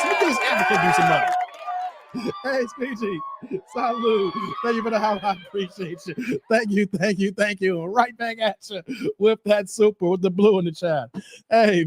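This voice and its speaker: A man's voice: sits high, dry recording, studio quality. A man casually reacting on a livestream, joking, laughing often and repeating himself with a loose, playful delivery. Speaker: streamer reacting to dating show clips.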